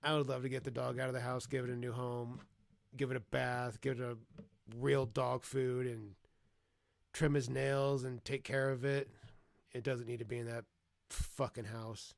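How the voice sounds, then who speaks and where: Give me a gravelly-voiced man casually reacting to a video, dry and close. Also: mid-range voice, little pitch movement, moderate pace, no echo. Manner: laid-back, swears freely.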